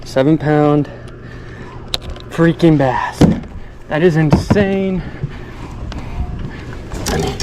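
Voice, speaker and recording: A man's voice: on the high side, extremely slow, long pauses. A man talking straight to his viewers in a casual fishing vlog while out on a boat on a lake. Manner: chatty, talks straight to viewers, says y'all often. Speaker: fishing vlogger. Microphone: action camera on the boat. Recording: outdoor boat noise. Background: boat and water ambience.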